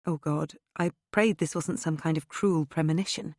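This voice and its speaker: A woman's voice: deep voice, steady tone, moderate pace, darkish tone, no echo, studio quality. A woman narrating a cozy mystery audiobook in the first person, with a wry storytelling tone.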